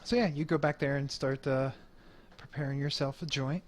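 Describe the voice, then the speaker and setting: A man's voice: medium pitch, fairly even intonation, normal speed. A man narrating as game master, rambling with fillers and restarts.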